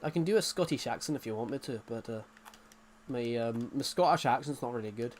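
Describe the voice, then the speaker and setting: A man's voice: mid-range voice, fairly quick, slight background noise. A man chatting casually to viewers during a gaming live stream, rambling and joking as he plays.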